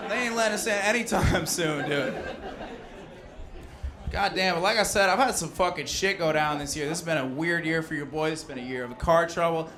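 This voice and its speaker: In a noisy bar basement, a young comedian with a fairly high voice delivers crude, cocky stand-up and plays off the crowd. The live recording picks up background noise and a laughing audience.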